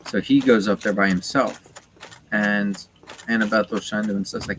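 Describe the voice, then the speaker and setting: Guy with a lowish voice, rambly casual storytelling while he games, noisy background. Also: fairly even intonation, moderate pace, fairly bright tone. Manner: rambling, full of "like" and "uh" fillers. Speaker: gamer retelling a story while playing. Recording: noticeable background noise.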